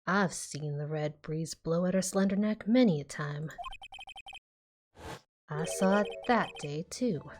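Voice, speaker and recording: A woman's voice: fairly low pitch, pitched below the performer's own voice. A woman voicing a swaggering middle-aged male cowboy officer in a put-on Texan drawl. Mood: musing. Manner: slow folksy drawl. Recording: faint game music behind.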